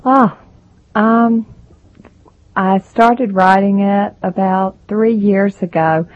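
Slow-spoken Southern woman author. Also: medium pitch, steady tone, highs cut off. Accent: Southern American. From American South. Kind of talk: interview answers.

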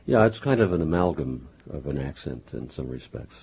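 A man hosting a radio interview, asking questions in a relaxed, halting way. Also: rumbling low, vocal fry, lo-fi sound, slight background noise. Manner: conversational, hesitant.

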